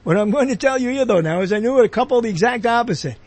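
A man's voice: very high voice, lively intonation, quick pace, a little mellow, breathy edge. A man hosting a show, talking in a rambling, chatty monologue that keeps breaking off into asides. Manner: digressive, chatty, self-interrupting. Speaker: show host.

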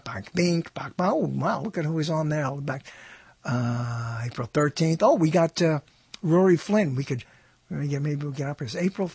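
A male radio host talks in a husky, slightly raised voice. He rambles and mutters, trailing off mid-sentence. The sound is dry and close. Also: fairly high pitch, a little mellow, dry recording. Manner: mutters and trails off while searching. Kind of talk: rambling talk while browsing old recordings.

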